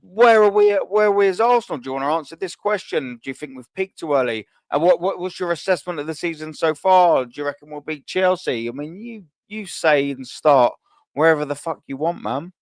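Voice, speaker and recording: A man's voice: fairly high pitch, animated, fairly quick, no room sound. A man hosting a call-in show, chatty, swearing and repeating his phrases. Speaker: host. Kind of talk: casual call-in chat.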